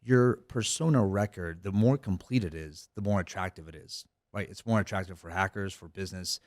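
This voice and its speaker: A man's voice: low-pitched, a little fast, a little mellow, dry recording. A middle-aged man, a company head, talking casually as a podcast guest, rambling with many fillers and restarts. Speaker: cybersecurity company CEO, guest. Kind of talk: casual interview talk.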